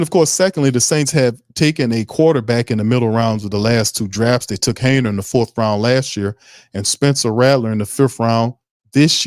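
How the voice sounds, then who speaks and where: A man's voice: mid-range voice, a little mellow, no echo, clean studio sound. A man hosting a sports stream, ranting in heated, profane commentary. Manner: fired-up, ranting, profane, mocking impressions. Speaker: sports podcast host.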